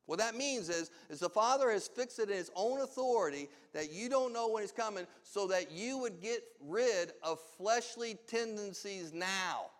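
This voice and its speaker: A man's voice: high-pitched, animated, moderate pace, few pauses. A man preaching a sermon as pastor, emphatic and full of rhetorical questions. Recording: long hall reverb.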